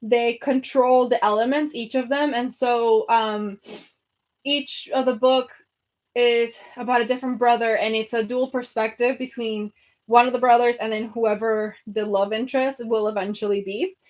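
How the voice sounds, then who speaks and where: A woman's voice: fairly high pitch, steady tone, moderate pace. A young woman chatting casually on a book livestream, out of breath, talking eagerly with lots of fillers and restarts. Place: home room by her bookshelves.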